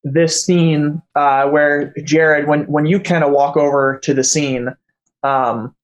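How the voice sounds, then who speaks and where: Male game master; halting, filler-heavy narration. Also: fairly high pitch, steady tone, highs cut off. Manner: hesitant, full of fillers.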